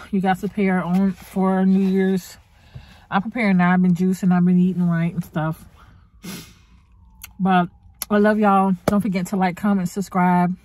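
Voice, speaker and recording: A woman's voice: on the low side, a little mellow. A woman vlogger chatting to her viewers in a heartfelt, faith-filled way, calling them honey and y'all. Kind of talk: casual chat to camera.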